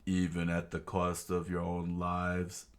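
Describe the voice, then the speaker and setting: A man reading a scornful male villain with a sneering, groaning delivery in a low voice close to his own. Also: monotone, takes it slowly.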